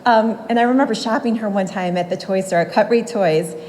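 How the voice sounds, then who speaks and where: A woman's voice: medium pitch, a little fast, darkish tone, slight background noise, low-quality recording. Woman in her 40s doing a eulogy at a funeral home mic, fond storytelling, little laughs. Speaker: granddaughter giving a eulogy.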